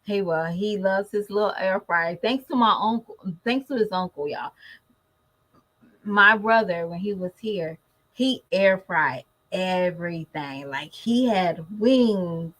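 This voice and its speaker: Woman, casual vlogger mom, animated, chatty, speaks straight to her audience. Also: medium pitch, takes it slowly, rough recording. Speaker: mother vlogger. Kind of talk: casual chat to camera.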